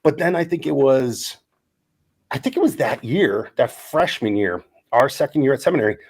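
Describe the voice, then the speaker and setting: Man, about fifty, podcast co-host, casual storytelling, acts out quoted lines, mid-pitched voice. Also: very animated, moderate pace, slightly rough. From Wisconsin. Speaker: podcast co-host, former college lineman.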